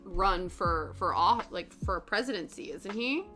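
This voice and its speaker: A woman's voice: fairly low pitch, animated, unhurried. A woman streamer chatting casually while she cross stitches and reads her chat, rambling with lots of fillers and acted-out quotes. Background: soft background music.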